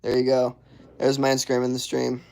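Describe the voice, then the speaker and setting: A young man streaming live, reading out viewer comments in a relaxed, drawling way, often saying "bro" and "hell yeah.". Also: medium pitch, brisk, creaky. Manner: laid-back, drawling, says "bro" and "hell yeah" a lot. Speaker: livestreamer. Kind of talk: casual livestream chat reading viewer comments.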